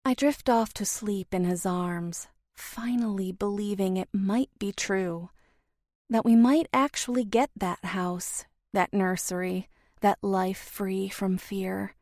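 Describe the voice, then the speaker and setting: A woman narrating a romance audiobook in a soft, intimate first-person voice. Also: mid-range voice, fairly even intonation, slow pace, dry recording, studio quality.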